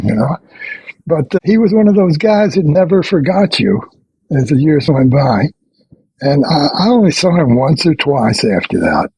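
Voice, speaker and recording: An older man, a veteran session bassist, telling rambling anecdotes in a podcast interview and chuckling between stories. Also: darkish tone, slightly rough, no room sound, poor audio. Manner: rambling anecdotes with restarts and quoted dialogue.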